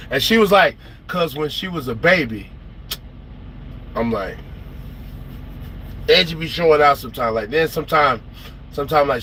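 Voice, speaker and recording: A man's voice: medium pitch, bright, forceful tone, a little hiss or hum. A man telling stories in a casual, profane rant on a porch, and he acts out the people he quotes. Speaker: trucker vlogger. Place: porch, outdoors.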